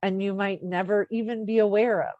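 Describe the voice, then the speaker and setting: A woman author in casual conversation, animated and quick to laugh as she gushes about readers. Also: medium pitch, dry recording, narrow, tinny audio. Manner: animated, laughs often, gushing. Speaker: author guest. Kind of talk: casual chat.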